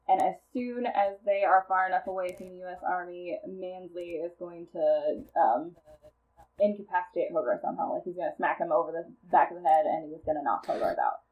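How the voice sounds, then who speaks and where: A woman co-hosting a comedy podcast, casually pitching a movie plot with lots of fillers and frequent laughter. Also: normal speed, phone-quality sound. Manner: rambling storyteller, laughs often, many fillers.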